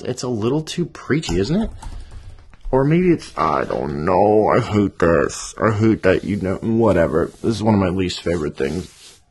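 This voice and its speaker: Deep-voiced man musing aloud. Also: sing-song, unhurried, darkish tone, slightly rough. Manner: self-deprecating, thinking aloud, chatty asides. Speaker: writer reading his own story. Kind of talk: casual monologue while editing a story aloud.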